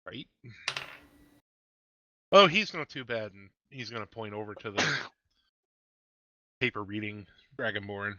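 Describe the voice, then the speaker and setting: A man's voice: on the low side, slow pace, pauses often, sharp tone, dry recording, muffled recording. A man playing a tabletop game, chatting easily and agreeing with the others. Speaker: player. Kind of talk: casual tabletop game chat.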